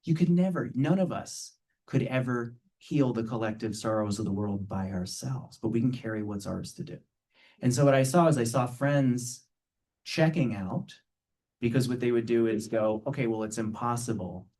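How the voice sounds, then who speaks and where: A man's voice: mid-range voice, moderate pace, mellow, distant mic. A man giving a conversational spiritual talk to a live audience, playful and earnest, often checking in with a rhetorical "right?".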